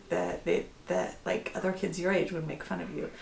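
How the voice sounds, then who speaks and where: A woman's voice: fairly low pitch, fairly even intonation, fairly quick, gravelly, few pauses, darkish tone, echoey room, slight background noise. A middle-aged woman talking candidly in a personal vlog, rambling a little, restarting phrases and laughing often. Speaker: vlogger.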